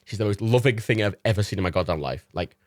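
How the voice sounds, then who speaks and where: A man's voice: on the low side, fast talker, no echo, studio quality. A young man hosting a livestream, chatting in a casual storytelling way, laughing often and swearing casually. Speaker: livestream host.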